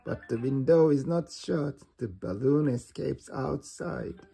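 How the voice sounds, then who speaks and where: A narrator reading a children's storybook aloud, slow and expressive. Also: medium pitch, creaky, breathy edge, faint music behind.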